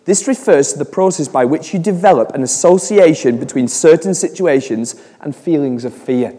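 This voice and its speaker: A man's voice: fairly high pitch, normal speed, warm tone, breathy edge, in a large hall. A man in his forties giving a chatty sermon, telling stories with frequent restarts. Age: 40s. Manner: chatty storytelling with repeated restarts. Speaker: preacher.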